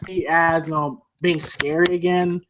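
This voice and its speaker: A man's voice: on the high side, little pitch movement, a little slow, fairly bright tone. A man hosting a casual movie review chat, rambling through scenes with lots of fillers and laughs, on a dull lo-fi recording with faint hiss. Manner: rambling with many fillers and restarts, laughs often. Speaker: podcast host.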